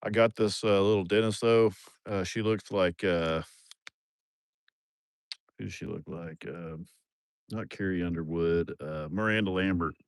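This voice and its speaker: A man's voice: low voice, a little slow, long pauses, clean tone, no room sound, clean studio sound. Rambling folksy man on livestream. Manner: rambling, folksy, with bursts of loud excitement. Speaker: livestream host. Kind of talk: casual rambling livestream chat.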